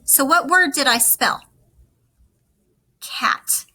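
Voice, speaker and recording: A woman teaching a recorded lesson, speaking slowly and deliberately to young students. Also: high-pitched, pushed and bright, rough recording. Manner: slow, deliberate, instructive.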